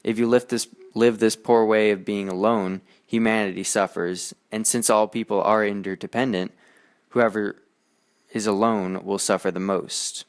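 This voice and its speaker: A teenage boy reads his poetry report aloud, steady and earnest, with now and then a stumble over a word. His voice sits low and sounds clean and smooth. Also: normal speed. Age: teens. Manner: steady, earnest reading with small slips. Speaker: student presenter. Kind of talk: reading a school poetry explication.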